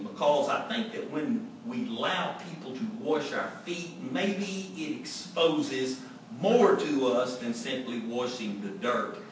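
A man's voice: a little high, a bit bright. A man preaching a sermon in an earnest, emphatic way, repeating his key phrases for weight. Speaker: pastor. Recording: echoey room, from far off, faint background hum.

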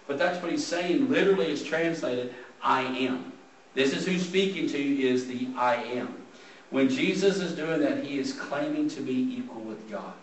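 A man gives a conversational sermon, reading scripture aloud and explaining it. His mid-pitched voice comes from a distance and rings around a roomy church hall. Faint room noise sits underneath. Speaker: preacher. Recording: roomy sound from a distant mic.

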